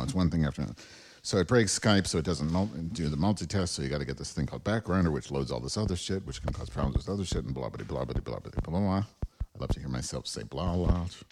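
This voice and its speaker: A man with a very low, dark, mellow voice rambles through a solo podcast from home, swearing freely and mocking himself as he jumps from gripe to gripe. A wireless clip-on lavalier mic makes the sound close and direct.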